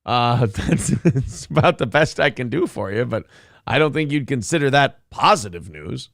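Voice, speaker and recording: A man's voice: mid-range voice, expressive, normal speed, creaky, fairly bright tone, no room sound, studio quality. A man co-hosting a morning talk show, giving sarcastic political commentary in a mocking tone. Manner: mocking, sarcastic, laughs often. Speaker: co-host.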